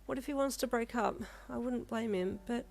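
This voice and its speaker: A woman voicing an emotional teenage girl who cries and wails in a high voice in a fan fiction audio reading. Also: normal speed, creaky, a little mellow. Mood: panicked. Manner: high, wailing and sobbing. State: crying.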